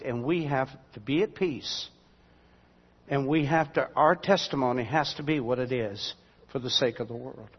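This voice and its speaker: A man's voice: medium pitch, slightly rough. Folksy pastor, man, in an echoing hall. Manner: folksy and conversational, with asides to the congregation. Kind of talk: storytelling sermon. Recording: dull lo-fi sound with long hall reverb.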